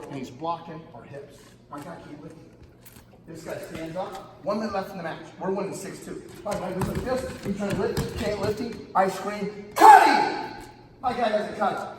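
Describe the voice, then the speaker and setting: A middle-aged male wrestling coach tells a story at camp, animated and emphatic, constantly calling his listeners "guys". His voice sits a little high. He is recorded from far off in a cavernous, reverberant gym, with steady room noise underneath. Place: large gym hall. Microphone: camera far from speaker. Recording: echoey gym, distant camera, audible room noise.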